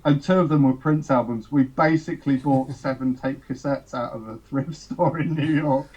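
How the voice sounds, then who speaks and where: A man's voice: medium pitch, fairly even intonation, normal speed, a little mellow, husky, lo-fi sound. A man, a touring musician, telling rambling road anecdotes on a podcast, laughing and quoting people as he goes. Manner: rambling, laughs through anecdotes, quotes others. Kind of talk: casual podcast storytelling.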